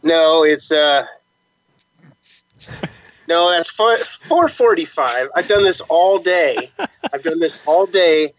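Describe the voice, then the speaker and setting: A man's voice: fairly high pitch, animated, slow pace, pauses often, dry recording, rough recording. A man guest on a podcast, chatting casually in an easygoing way and laughing at himself. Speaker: recruiting expert guest. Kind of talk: casual chat.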